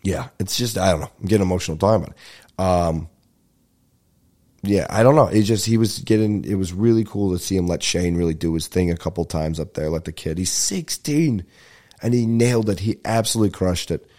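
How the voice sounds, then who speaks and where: A man hosting a podcast, rambling casually and excitedly with lots of swearing, his voice stuffed up and nasal. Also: deep voice, a little fast. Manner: profane, excitable, breaks into bits of singing. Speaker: podcast host.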